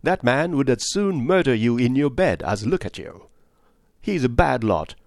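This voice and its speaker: A man voicing a brusque, blunt middle-aged spinster who speaks in curt, forceful bursts. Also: medium pitch, big pitch swings, moderate pace, creaky, no echo, clean studio sound. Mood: indignant.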